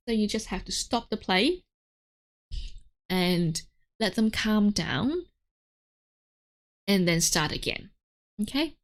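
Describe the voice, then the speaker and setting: A woman streamer with a mid-range, fairly bright voice gives casual advice about dogs during a livestream. She's chatty, using lots of fillers and swearing, and laughs frequently.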